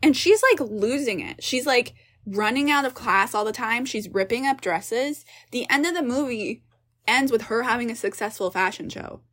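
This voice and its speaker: A young woman with a fairly high voice, talking through a film in a casual review chat. She is animated and exasperated, swearing casually as she picks apart the story. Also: normal speed. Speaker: podcast co-host.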